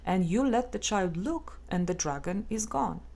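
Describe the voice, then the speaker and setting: Calm woman reading self-help guidance. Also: medium pitch, gravelly. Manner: calm, measured, gently instructive. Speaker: audiobook narrator. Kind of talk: scripted self-help narration.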